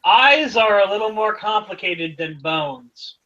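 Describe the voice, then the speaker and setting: A man's voice: high-pitched, expressive, unhurried, bright, forceful tone, dull audio. A man narrating as game master for a tabletop game, wry and laughing easily.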